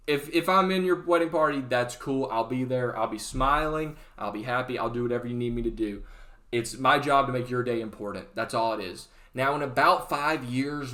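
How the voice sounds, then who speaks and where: Young male movie-review host, mid-pitched, loose and rambling, self-interrupting. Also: fairly bright tone. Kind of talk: casual rambling vlog rant.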